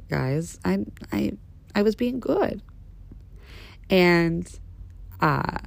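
A woman in her thirties with a low voice tells a story with sass and relish, swinging into animated bursts as she calls her listeners "honey." The sound is dry and close, with no room around her. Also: no echo. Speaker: podcast host. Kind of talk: casual storytelling monologue.

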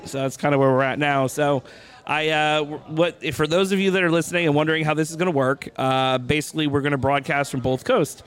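A man hosting a loose, casual podcast, talking freely between bursts of laughter. His voice sits a little high. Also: little pitch movement, fast, a bit bright, smooth. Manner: laughs often, loose and joking. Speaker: podcast host. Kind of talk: casual chat.

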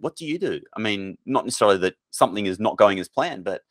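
Candid, animated male podcast host. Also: lowish voice, fast, no echo. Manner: candid, chatty, swears casually. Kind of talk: casual interview chat.

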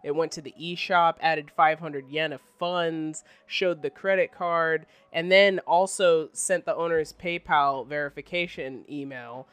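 A woman's voice: sits low, steady tone, unhurried, few pauses, clean tone, no room sound. A woman co-hosting a casual nerd-news podcast, talking bluntly and emphatically and swearing freely. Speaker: podcast co-host. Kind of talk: casual chat.

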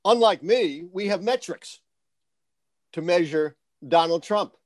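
A man's voice: high-pitched, no room sound, clean studio sound. Confident, lecturing male guest. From New York. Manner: confident, lecturing, quick to laugh. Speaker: guest historian. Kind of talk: interview answers.

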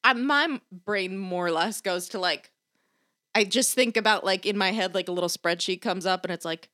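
A young woman in casual podcast chat, sarcastic and rambling, her voice jumping around as she acts out quotes. Her pitch sits in an ordinary middle range. It is recorded dry and close. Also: moderate pace, pushed and bright, dry recording.

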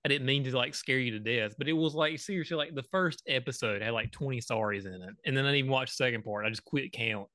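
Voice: medium pitch, fast talker, hardly any pauses, sharp tone, no room sound, clean studio sound. A podcast co-host in casual chat, rambling along and slipping in jokey impressions.

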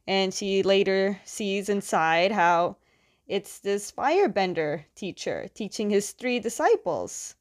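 A woman's voice: mid-range voice, animated, slow. A young adult woman casually recapping a story's plot in a loose, chatty way, with lots of fillers. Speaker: comic book reviewer.

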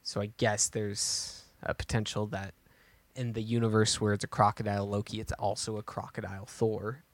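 A man's voice: on the low side, level tone, moderate pace, no echo. A man co-hosting a podcast, chatting casually and thinking aloud as he goes, with many restarts. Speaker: podcast co-host. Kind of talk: casual chat.

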